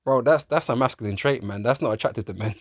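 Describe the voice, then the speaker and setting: A man preaching in a casual, profane way, often laughing, calling listeners man and bro, and reading scripture slowly in old-fashioned wording. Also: medium pitch, no echo, studio quality. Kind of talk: street-style sermon, reading scripture.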